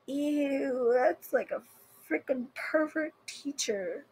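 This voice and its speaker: A young woman hosting a video, casually reading funny text messages aloud in a rushed, offhand way. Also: fairly high pitch, mellow, breathy edge, low-quality recording. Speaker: video host.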